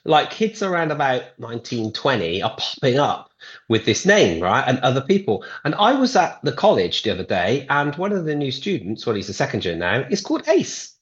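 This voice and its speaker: A man's voice: mid-range voice, a little fast, highs cut off. A man from Britain, a guest guitarist, chatting casually on a podcast and telling stories with lots of restarts. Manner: rambling, lively storytelling with many restarts.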